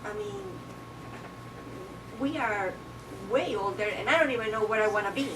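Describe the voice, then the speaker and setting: A woman's voice: a little high, very animated, normal speed. A woman in the audience asking a question hesitantly, searching for her words. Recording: distant mic, noisy room.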